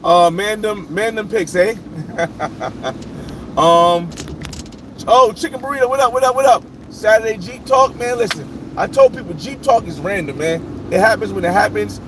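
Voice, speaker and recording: High-voiced man livestreaming while driving. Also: normal speed. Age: adult. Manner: talks to chat, reading names and shouting out viewers. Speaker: livestream host. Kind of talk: casual live chat while driving. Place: inside a moving car. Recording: road and engine noise behind.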